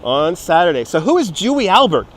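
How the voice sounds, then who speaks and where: A live streamer with a high, sing-song voice walks around an amusement park, talking fairly quickly into a phone on a handheld gimbal. He rambles casually, curses and laughs as he reads out messages from his viewers.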